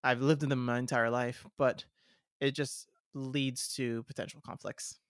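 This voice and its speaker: A man's voice: medium pitch, level tone, a little slow, fairly bright tone, no echo, studio quality. A man co-hosting a podcast in casual chat, wry and talkative with a slightly theatrical streak. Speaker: podcast co-host.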